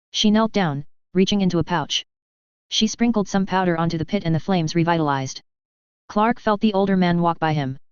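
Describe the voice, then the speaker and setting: Smooth-voiced woman reading a story. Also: lowish voice, a little mellow, no echo. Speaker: narrator. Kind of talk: fan fiction read aloud. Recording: slightly dull lo-fi dry.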